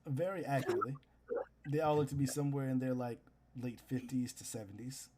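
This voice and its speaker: A young man narrating a tabletop game as game master, chatty and quick to laugh. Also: mid-range voice, steady tone, warm tone, slight background noise.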